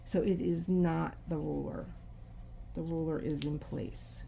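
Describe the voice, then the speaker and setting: A woman's voice: low voice, fairly even intonation, measured pace, gravelly, mellow, a little hiss or hum. A middle-aged woman hosting a craft video, chatting casually to the camera and talking to herself in frustration as she works.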